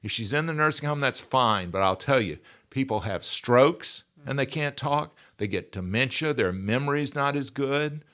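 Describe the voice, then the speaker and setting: A man's voice: medium pitch, lively intonation, normal speed, few pauses, fairly bright tone. A man in his sixties, speaking as a podcast guest in an earnest, emphatic way and repeating his key phrases. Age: 60s. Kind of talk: conversational interview.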